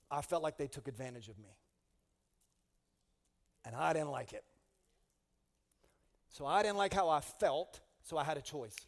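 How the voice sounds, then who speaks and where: A middle-aged male pastor preaching a humorous sermon, telling stories with comic energy and calling out to the congregation. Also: a little high. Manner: animated, comic, with rising call-outs to the congregation. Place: church sanctuary. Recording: long reverb of a large hall.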